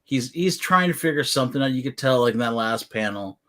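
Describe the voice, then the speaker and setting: A man's voice: mid-range voice, animated, fairly quick, a bit bright. A male guest in a casual comic book discussion, enthusiastic and opinionated.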